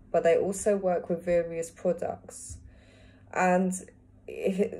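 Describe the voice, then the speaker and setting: A woman's voice: sits low, dark tone, slight background noise. A woman beautician giving casual advice to camera, who tags nearly every phrase with a checking "yeah?" or "okay?" and now and then asks an unseen helper a question aside.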